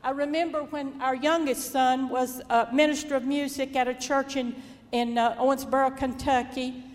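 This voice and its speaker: A woman's voice: high-pitched, steady tone, moderate pace, big-room sound. An older woman with a Southern US accent, a mother reminiscing in a folksy, devout testimony. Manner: folksy, devout, gently chuckling.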